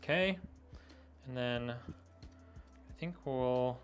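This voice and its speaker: Relaxed middle-aged man chatting mid-build. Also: medium pitch, moderate pace, soft background music. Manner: relaxed, thinks aloud with many ums and likes. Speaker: streamer building a PC. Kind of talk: casual live-stream chat while building.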